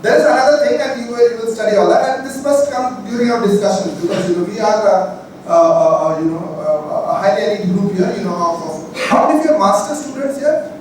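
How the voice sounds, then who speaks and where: Bengali-accented indian guy lecturing a class, high voice, booming echoey hall, mic far off. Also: fairly quick, a little hiss or hum. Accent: Indian English, Bengali. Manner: emphatic, repeats key phrases, many fillers. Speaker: workshop instructor.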